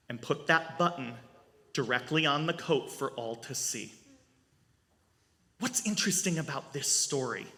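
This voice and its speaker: Lively, high-voiced rabbi in a large hall. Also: male voice. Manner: animated, asks the audience questions. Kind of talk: storytelling sermon at a family service. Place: synagogue sanctuary. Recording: long reverb in a large hall.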